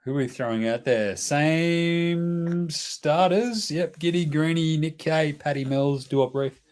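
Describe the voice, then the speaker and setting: A man's voice: mid-range voice, moderate pace, darkish tone. Australian male host, casual live stream banter, joking and chatty. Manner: joking, chatty, talks to his baby.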